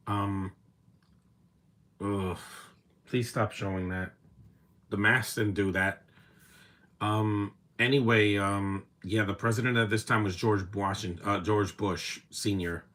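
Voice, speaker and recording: A man's voice: lowish voice, fairly even intonation, slow, long pauses, fairly bright tone. A man in his thirties giving casual, opinionated live commentary while watching a movie, rambling with restarts and fillers.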